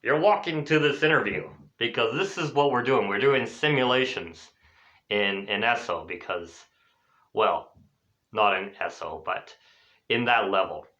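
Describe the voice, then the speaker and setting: A man teaches an English lesson in an energetic, conversational way and pops his voice up high when he models the example phrases. His voice sits at an ordinary pitch for a man. The recording sounds a little dull and lo-fi. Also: measured pace. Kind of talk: classroom explanation. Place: lives in Spain.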